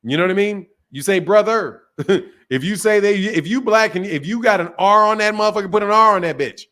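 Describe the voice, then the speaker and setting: A man's voice: high voice, fast talker, bright, forceful tone. A man hosting a live stream, chatting casually with callers in a loose, profane, teasing way.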